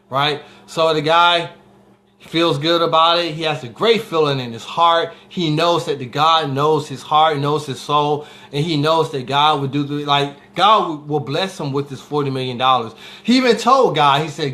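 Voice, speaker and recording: A man's voice: a little high, moderate pace, bright, forceful tone. A man giving a casual motivational talk, telling a story with lots of restarts and frequent "right?" asides. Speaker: motivational speaker.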